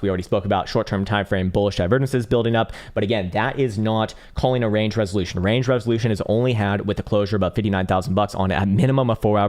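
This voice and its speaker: Hoarse male trading streamer, low voice, casual, profane, rambling. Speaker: crypto trading analyst host. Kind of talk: live-streamed chart analysis.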